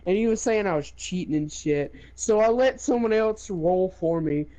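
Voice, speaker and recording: A young man telling a game story in casual chat, animated, laughing and swearing. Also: sits high, moderate pace, poor audio.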